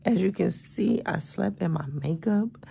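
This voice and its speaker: Just awake and still groggy, this woman of thirty talks to her vlog audience from bed, expressive and casual, addressing them as y'all and baby. Her voice is medium-pitched, warm and husky with vocal fry, and she takes her time. It's a laid-back morning chat in her bedroom.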